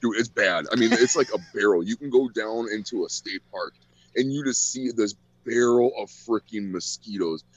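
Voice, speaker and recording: A man's voice: fairly low pitch, normal speed, breathy edge, no room sound. A man chatting casually on a podcast, telling profane stories and acting out the people in them. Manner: profane, storytelling with acted-out quotes. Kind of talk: casual chat. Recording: dull dry lo-fi audio.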